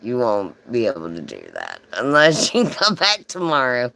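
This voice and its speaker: A woman's voice: rumbling low, huge pitch swings, moderate pace, vocal fry, fairly bright tone, no room sound, poor audio. A woman chatting on a livestream, telling a story in a chatty, profane way and laughing often.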